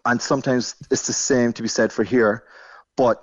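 A man's voice: medium pitch, steady tone, normal speed, dry recording, muffled recording. A man from Cork with a Cork accent, calling a radio show and chatting in an easygoing way. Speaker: caller. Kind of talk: casual radio chat.

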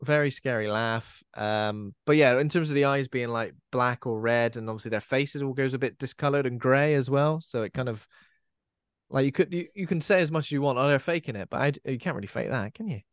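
Male host, relaxed film chat, dry close recording. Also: medium pitch, a little fast, smooth, no room sound. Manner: conversational, often ends with tag questions. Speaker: podcast host. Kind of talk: casual film discussion.

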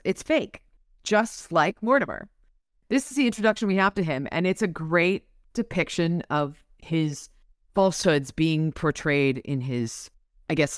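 A woman's voice: lowish voice, smooth, no echo, studio quality. A woman co-hosting a book club podcast, reading passages aloud and then riffing on them casually, swearing now and then. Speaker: podcast co-host.

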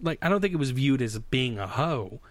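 A man's voice: mid-range voice, big pitch swings, normal speed, no room sound. A man co-hosting a casual chat, joking and rambling through stories with many restarts.

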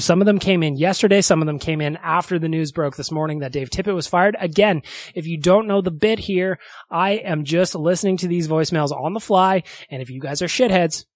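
A man's voice: sits high, no room sound. A man hosting a solo podcast, chatty and upbeat, laughing often. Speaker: podcast host. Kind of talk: casual solo podcast talk.

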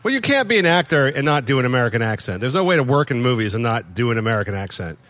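A man chatting casually in a bar, animated and opinionated, swearing now and then. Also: medium pitch, very fast. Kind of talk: casual chat.

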